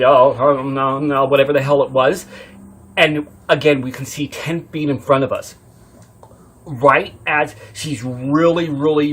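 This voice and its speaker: A man telling a true horror story in a casual, rambling way, swearing often and swinging from hushed to loud. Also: mid-range voice, slight background noise. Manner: rambling, swears often, many fillers and restarts.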